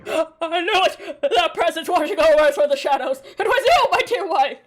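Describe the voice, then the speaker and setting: A woman's voice: very high voice, moderate pace, slight background noise. A woman voicing a theatrical, accusing nobleman husband while reading game dialogue aloud, in an over-the-top declaiming manner. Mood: melodramatic.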